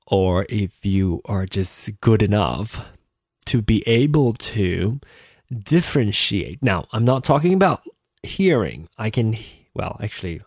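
A man's voice: on the low side, no echo. A tired man hosting a casual solo podcast, rambling and chatty, poking fun at himself, close to his microphone. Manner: rambling, chatty, self-deprecating, swears offhandedly. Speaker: podcast host. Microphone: close desk microphone.

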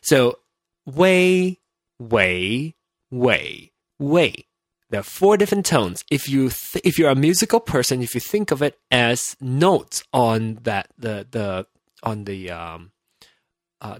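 Chatty male podcast host, lively pitch. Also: dry recording, clean studio sound. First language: Mandarin. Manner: rambling, self-interrupting, laughs easily. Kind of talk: casual solo podcast chat. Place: home.

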